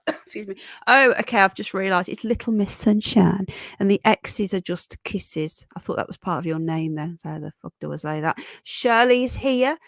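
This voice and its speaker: A woman hosting a casual live stream, congested from a sinus infection, greeting viewers warmly as darling and sweetheart and swearing bluntly. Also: medium pitch, no echo, studio quality. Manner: chatty, affectionate, calls viewers darling and sweetheart.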